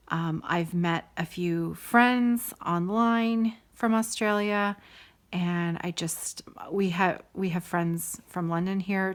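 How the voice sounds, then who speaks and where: A middle-aged woman hosting a casual stitching video, chatting to viewers in a rambling, enthusiastic way full of sidebars. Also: on the low side. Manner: warm and enthusiastic. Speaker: host of a stitching video show.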